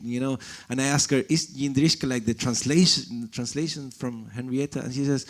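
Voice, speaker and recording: A man's voice: medium pitch, steady tone, brisk, hardly any pauses. A man whose first language is Spanish, talking on a conference panel in a chatty way, laughing often, with many fillers and restarts.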